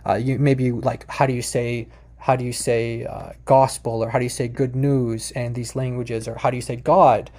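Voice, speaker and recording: A man's voice: medium pitch, level tone, moderate pace, a little mellow. A man teaching language in a casual, informal way, speaking directly to his viewers and often restarting his sentences. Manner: chatty and informal, addresses "you guys", frequent restarts.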